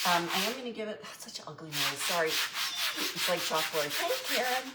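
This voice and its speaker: A woman's voice: fairly low pitch, lively intonation, normal speed. A middle-aged woman, chatting casually as host of a craft livestream and greeting viewers by name. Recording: echoey room with faint noise.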